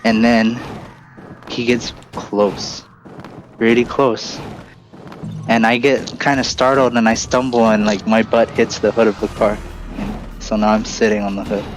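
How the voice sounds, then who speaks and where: A man's voice: on the low side, level tone, a little slow, rough recording. A man in his late twenties or thirties, a streamer host telling a long story in a loose, rambling way full of fillers. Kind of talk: casual storytelling during a game stream. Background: game music.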